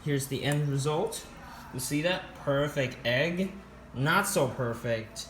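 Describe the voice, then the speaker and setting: A man's voice: on the high side, takes it slowly, a bit bright, slight background noise. A teenage boy filming a cooking vlog in his home kitchen on a phone, joking brashly, swearing a lot and rambling off topic. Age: teens. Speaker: vlogger.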